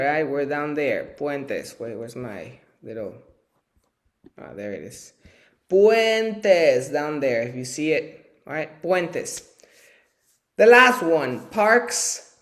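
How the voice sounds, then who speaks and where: A man teaching a live bilingual Spanish lesson, running slow vocabulary drills where he calls out words for viewers to repeat, with chatty asides in between. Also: fairly high pitch, fairly bright tone.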